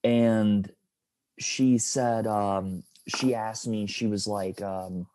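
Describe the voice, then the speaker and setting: A man's voice: on the low side, fairly even intonation, very slow, mellow, no room sound. A man hosting a podcast, chatting casually and telling a loose, easygoing story. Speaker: podcast host.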